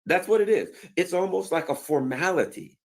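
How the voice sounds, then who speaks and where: A man's voice: high-pitched, animated, moderate pace. A man giving casual political commentary, sarcastic and colloquial, who often acts out mocking voices. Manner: colloquial, many fillers and asides.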